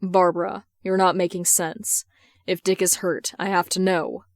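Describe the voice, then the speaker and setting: Woman doing a stern, measured vigilante father. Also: lowish voice, flat delivery, no room sound, studio quality. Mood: firm. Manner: measured, slow, authoritative.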